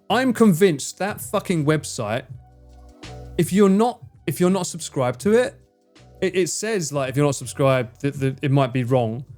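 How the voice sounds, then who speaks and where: A man's voice: a little high, darkish tone. A man chatting casually on a livestream, reading chat, swearing freely and bantering with a teasing tone.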